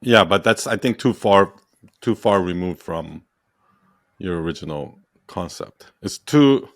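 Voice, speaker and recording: A man's voice: low-pitched, animated, unhurried, dry recording, clean studio sound. A man hosting a podcast, coaching his guest in casual talk, probing with questions and often checking whether he is understood. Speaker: podcast host.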